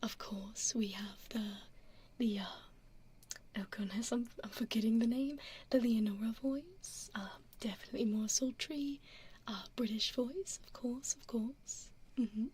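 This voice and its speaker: A woman putting on a tomboyish young woman's voice in a whispered role-play, rambling softly with hesitant fillers. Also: fairly high pitch, unhurried, husky. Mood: laid-back. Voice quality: whispery, soft-spoken. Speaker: streamer.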